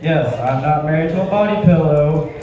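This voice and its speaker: This Georgian comedian talks at a moderate pace in a fairly high voice, telling stories in a self-deprecating, conversational stand-up routine. The club is echoey, picked up from far away, with the crowd heard in the background.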